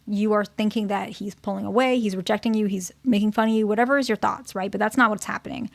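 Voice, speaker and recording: A woman's voice: mid-range voice, fairly even intonation, fast talker, vocal fry, darkish tone, dry recording. A woman therapist giving relationship advice in a casual, conversational way, often checking in with "okay?" and "right?". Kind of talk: casual advice talk to her channel's viewers.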